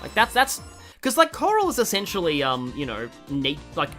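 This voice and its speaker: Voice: medium pitch, huge pitch swings, normal speed, a bit bright, soft background music. An Australian streamer giving casual, rambling commentary on a game, self-deprecating and full of fillers.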